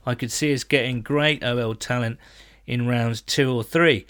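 A man co-hosting a casual sports chat, reading listener messages aloud and adding his own quick takes. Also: medium pitch, steady tone, fairly bright tone, clear, resonant tone, no room sound. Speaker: podcast co-host reading listener comments.

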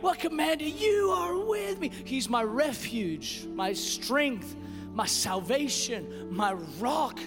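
A man preaching a fervent sermon to a congregation in a church, building through repeated declarations. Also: very high voice. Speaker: pastor. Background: music.

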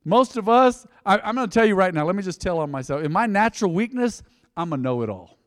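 A man in his forties preaching a sermon to his congregation, folksy and direct, swinging between loud emphasis and quiet intensity. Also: sits high, expressive, fast. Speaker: pastor. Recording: long hall reverb.

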